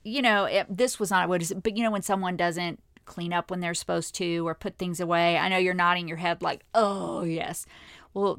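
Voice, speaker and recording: A woman in her fifties hosting a podcast, telling a personal story to listeners in a candid, chatty way that sometimes drops to a hush. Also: on the low side, no room sound, clean studio sound. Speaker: podcast host.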